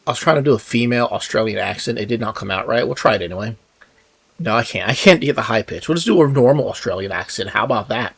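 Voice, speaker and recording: A man's voice: fairly low pitch, expressive, brisk, gravelly, a bit bright, slightly rough. Rambling man narrating his gameplay. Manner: rambling, self-deprecating, many fillers and restarts. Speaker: gaming video host. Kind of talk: casual gameplay commentary.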